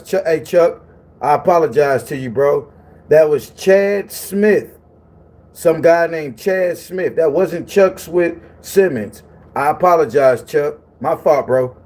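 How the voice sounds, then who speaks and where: A man's voice: on the high side, unhurried, darkish tone. A man hosting a livestream who chats casually, in a loose, profane and repetitive way. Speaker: livestream host.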